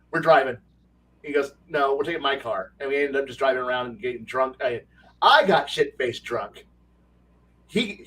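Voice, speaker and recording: A man's voice: on the high side, a bit bright, far from the mic. A man chatting casually as a game master, rambling through a story, acting out quotes, laughing and swearing freely. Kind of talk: casual chat on a livestream.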